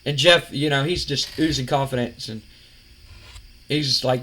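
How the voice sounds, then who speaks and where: A man's voice: mid-range voice, fairly even intonation, normal speed, sharp tone, a little hiss or hum. A man, casually recounting a wrestling management game as a rambling storyteller who acts out quoted lines. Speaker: game commentator. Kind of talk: casual play-by-play retelling of a wrestling sim.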